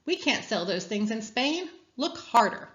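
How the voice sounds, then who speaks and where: A woman's voice: fairly high pitch, sing-song, a little slow, fairly bright tone, muffled recording. A woman voicing a greedy, pushy male explorer in a read-aloud story, brash and bossy.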